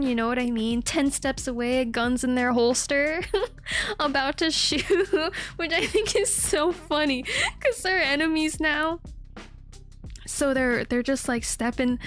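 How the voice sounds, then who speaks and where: A woman streamer chatting casually and recapping a manga, giggling often and swearing freely. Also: sits high.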